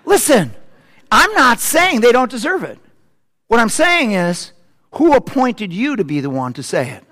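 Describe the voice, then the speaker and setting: High-voiced man preaching with sweeping energy. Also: unhurried, in a large hall. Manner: animated preaching that swings from loud to hushed. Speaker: pastor. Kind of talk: sermon.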